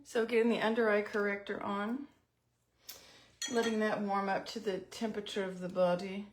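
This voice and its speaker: A woman's voice: mid-range voice, flat delivery, moderate pace, a little hiss or hum. A middle-aged woman chatting at home in a casual storytelling vlog while doing her makeup, self-mocking and talkative.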